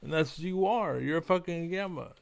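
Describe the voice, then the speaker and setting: Male game streamer, gravelly trash-talker, profane rants. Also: a little high, brisk, a little hiss or hum. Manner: profane, ranting, trash-talking. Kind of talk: live gameplay commentary.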